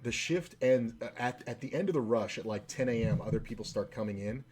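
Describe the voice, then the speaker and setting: A man's voice: medium pitch, brisk, darkish tone, soft background music. A man streaming a game and chatting casually, telling a rambling, profane story between side comments on play. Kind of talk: casual storytelling while gaming.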